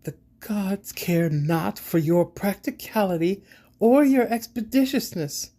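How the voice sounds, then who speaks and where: A woman's voice: fairly low pitch, expressive, measured pace, warm tone, voice pushed up. A man voicing a fierce, vengeful young woman warrior who speaks in a seething, scornful and insistent way.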